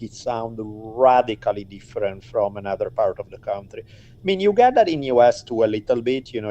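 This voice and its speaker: A man's voice: mid-range voice, mellow. Male guest, mid-range voice, easygoing anecdotal delivery. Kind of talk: casual conversation.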